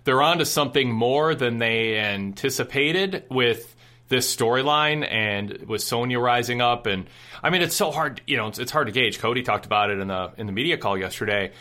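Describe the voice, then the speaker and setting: A man hosts a relaxed wrestling discussion in a reflective voice. His pitch sits mid-range, and his tone is bright. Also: moderate pace. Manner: reflective, passing turns to others. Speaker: podcast host.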